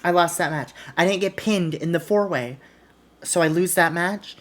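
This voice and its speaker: A woman's voice: on the low side, moderate pace, close to an everyday voice. A woman voicing an angry male veteran wrestler in a blunt, clipped, dismissive way. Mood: defiant.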